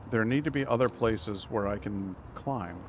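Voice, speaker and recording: A man's voice: on the low side, moderate pace, noisy background. A man livestreaming a video game, chatting playfully and reading dialogue aloud, slipping into silly voices for characters. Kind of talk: casual gameplay commentary with read-aloud dialogue.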